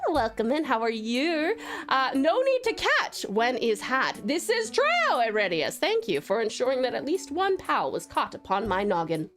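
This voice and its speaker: Bubbly woman streamer, high lively voice. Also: moderate pace, faint music behind. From Australia. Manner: affectionate, doting, bubbly greetings. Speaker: streamer greeting chat. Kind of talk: casual live-stream chat.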